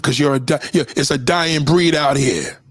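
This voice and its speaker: A man's voice: fairly high pitch, normal speed, husky, dry recording, studio quality. A man vlogging a heated, profane commentary rant with sing-song jabs. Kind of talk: ranting commentary video.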